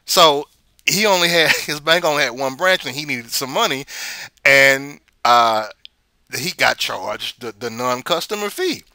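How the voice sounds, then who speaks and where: A man's voice: medium pitch, animated, a little slow, sharp tone, no echo, studio quality. A man hosting a casual money commentary show, rambling and repeating words as he tells stories.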